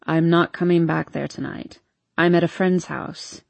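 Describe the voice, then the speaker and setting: A woman voicing a moody, brooding young man who speaks in low, curt murmurs in an audiobook. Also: steady tone, a little slow, creaky, darkish tone, dry recording. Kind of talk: audiobook character voice.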